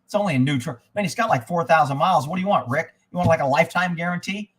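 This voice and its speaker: High-voiced man ranting. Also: expressive, racing, husky. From Texas. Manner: profane, exasperated storytelling. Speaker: live stream host. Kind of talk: ranting live stream monologue.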